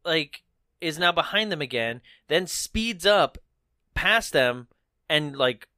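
A man with a bright, forceful voice recaps a movie in casual conversation, full of laughter and acted-out bits of dialogue. His voice sits a little high for a man, and the recording is dry and close. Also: slow, no room sound. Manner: animated, laughs often, acts out characters' lines. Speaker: podcast co-host.

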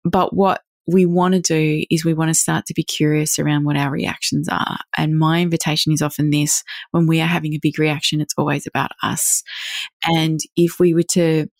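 A woman with a deep voice and a gravelly edge talks through parenting ideas in an interview. She is reflective and builds each point from long everyday examples. The sound is close and dry. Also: flat delivery, normal speed, no echo. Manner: acts out quoted thoughts in her own voice. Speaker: parenting coach. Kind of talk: podcast interview.

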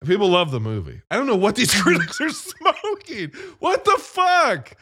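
A man chatting casually about a movie, animated and profane, retelling scenes as he goes. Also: high-pitched, normal speed, a little hiss or hum. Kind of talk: casual movie review chat.

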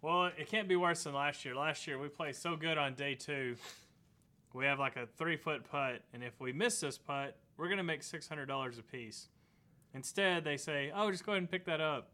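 Man, podcast co-host, bright crisp voice, easygoing dry replies. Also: fairly high pitch, moderate pace. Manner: laid-back, dry short replies. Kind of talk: casual podcast banter.

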